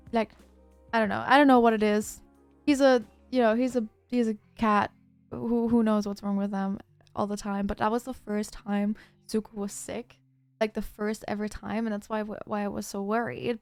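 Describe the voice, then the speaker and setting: A woman's voice: mid-range voice, fairly even intonation, normal speed, smooth, no echo, soft background music. A woman livestreamer chatting casually, telling a rambling story with lots of fillers and restarts.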